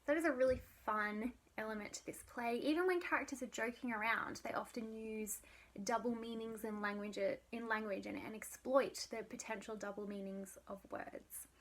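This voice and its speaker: A woman's voice: fairly high pitch, fairly even intonation, moderate pace, fairly bright tone. A young adult woman giving a casual literature lesson, chatty with many fillers and dropping into whispers at times. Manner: chatty, lots of "like", drops into whispers. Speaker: literature teacher.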